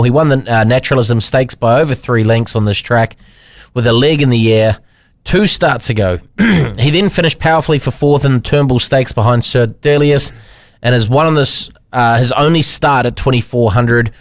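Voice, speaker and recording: A relaxed man runs through his racing bets in casual podcast chat. His voice is mid-pitched, and the studio sound is dry and close. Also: fairly quick, no echo. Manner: relaxed, gives betting tips. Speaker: podcast co-host.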